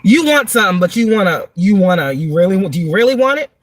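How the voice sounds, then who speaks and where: A woman's voice: medium pitch, expressive, quick pace, a little hiss or hum. A woman giving a tarot reading in a livestream monologue, blunt, profane and preachy, repeating words for emphasis. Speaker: tarot reader and spiritual advisor.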